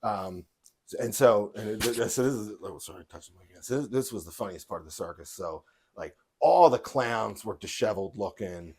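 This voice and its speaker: Telling stories with lots of laughs, this podcast co-host keeps the conversation casual and animated. He talks a little fast in a voice on the low side, with a breathy edge.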